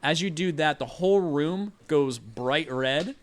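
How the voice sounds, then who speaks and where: A man's voice: on the high side, expressive, a little slow. A man narrating as game master of a tabletop game, rambling with lots of fillers.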